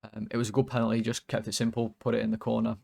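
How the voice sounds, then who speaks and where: Gravelly low-voiced man ranting about football. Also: completely flat delivery, rapid-fire, warm tone. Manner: rambling, exasperated, lots of fillers. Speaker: fan channel host. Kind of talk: casual football player ratings.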